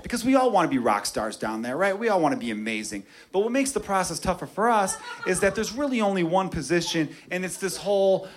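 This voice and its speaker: Brash young male stand-up comic, high-pitched, filthy punchy material, live club recording. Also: lively intonation, brisk, a crowd in the background. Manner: brash, profane, punchy delivery. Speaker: stand-up comedian. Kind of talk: stand-up comedy set. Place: club stage before a laughing crowd.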